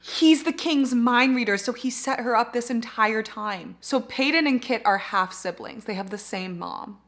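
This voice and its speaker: A woman's voice: on the high side, normal speed, vocal fry, a bit bright. A young woman vlogging her reading, reacting emotionally and swearing freely. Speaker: book vlogger.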